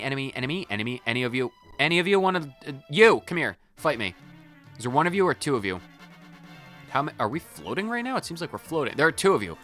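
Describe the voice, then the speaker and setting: A man's voice: mid-range voice, bright, forceful tone. Jokey man narrating a video game. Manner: jokey, self-interrupting, repeats words. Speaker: let's play host.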